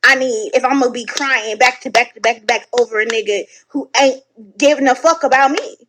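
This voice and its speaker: A woman giving casual reaction commentary from home at night, animated, sassy and blunt, swearing freely. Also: sits high, brisk, slight background noise, rough recording. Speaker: online commentator reacting to videos.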